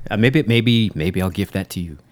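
A man's voice: fairly low pitch, moderate pace. A man co-hosting a podcast in casual chat, a profane, rambling storyteller who acts out his own reactions. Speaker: podcast co-host. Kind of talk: casual chat about movies.

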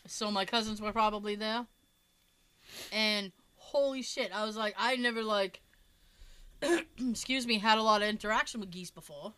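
Bright-voiced young woman, casual chat. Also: mid-range voice, normal speed, clean tone, dry recording. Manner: animated, swearing storyteller.

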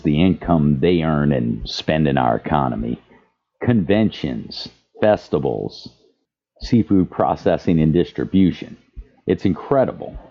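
A man hosting a podcast, speaking with passion and reading quotes aloud. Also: a bass voice. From Louisiana. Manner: impassioned, reads quotes aloud. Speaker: podcast host. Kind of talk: advocacy podcast commentary. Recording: dull lo-fi sound.

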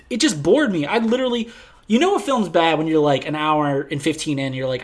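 A man in casual podcast chat, reviewing a film with animated, profane, exasperated rants. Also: high-pitched, fast.

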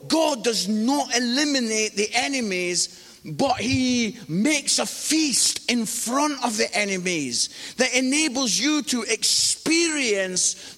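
Male preacher, high and lively, animated sermon delivery, long hall reverb. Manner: animated, exclamatory, mimics voices in stories. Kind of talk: sermon with storytelling.

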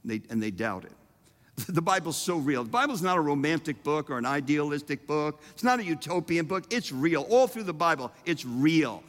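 A man preaching a sermon, emphatic and humorous, with dramatic pauses. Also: a little high, a bit bright. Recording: reverberant hall.

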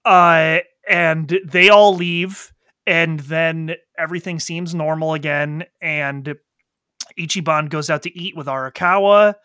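A man chatting casually as he retells a video game plot, animated and profane, with quick quoted voices for the characters. His voice is bright and sits a little high. The recording is dry and close. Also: clean tone, no echo.

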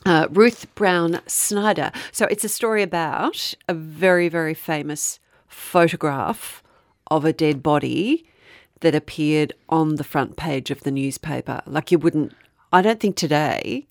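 A woman's voice: sits low, a little slow, no room sound, clean studio sound. A woman co-hosting a podcast, chatting casually and telling a true-crime story with frequent laughter. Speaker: podcast co-host.

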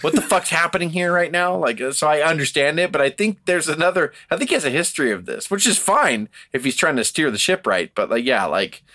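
A man co-hosting a casual podcast chat, animated and swearing often while acting out quotes. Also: a little high, a little fast, hardly any pauses. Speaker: podcast co-host.

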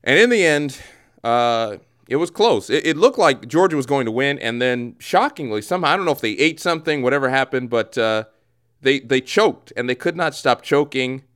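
A man hosting a comedic podcast, talking in an animated, jokey way. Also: mid-range voice, normal speed, clear, resonant tone. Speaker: host.

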